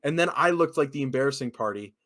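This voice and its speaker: On a casual podcast, a young man speaking quickly at a medium pitch tells a story, swearing constantly and performing the lines other people said. His animated, quote-acting delivery keeps the chat relaxed.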